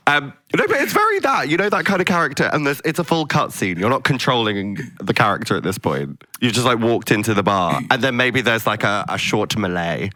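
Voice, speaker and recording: A man hosting a podcast in casual chat, animated and playful as he spins funny scenarios. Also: medium pitch, brisk, few pauses, dry recording. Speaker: podcast host.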